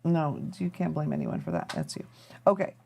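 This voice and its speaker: Woman host, live-stream chat, rambling and thinking aloud, lively up-and-down delivery. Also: sits low, normal speed, creaky. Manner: chatty and rambling, thinking aloud while tinkering. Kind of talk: casual chat to a live audience.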